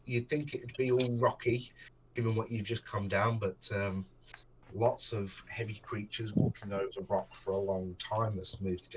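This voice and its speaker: Deep-voiced man narrating a tabletop game. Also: a little hiss or hum, poor audio. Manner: rambling, with many ums and restarts. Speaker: game master. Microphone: desk microphone.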